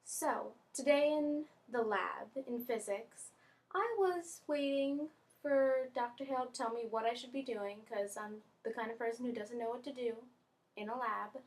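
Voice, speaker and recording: Animated young woman telling a story. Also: on the high side, normal speed. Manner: animated, squeals and laughs at her own story. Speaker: vlogger. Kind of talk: casual storytelling.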